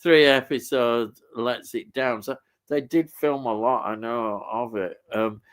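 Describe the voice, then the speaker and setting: A man's voice: mid-range voice, unhurried. Chatty man reading viewer comments. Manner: chatty, laughs often, reads out comments. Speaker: live stream co-host. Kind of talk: casual live-stream chat reading viewer comments.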